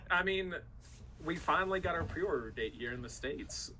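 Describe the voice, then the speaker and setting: A young man from Ohio joins a casual podcast chat with a bright, forceful voice. He teases his co-host and laughs often. Faint room ambience sits under the talk. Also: a little high, slight background noise, rough recording. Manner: laughs often, light teasing.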